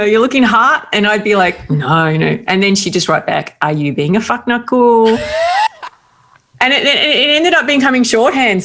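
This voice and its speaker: A middle-aged Australian woman telling personal stories candidly in casual conversation, with quick asides. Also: mid-range voice, fairly bright tone. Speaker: guest.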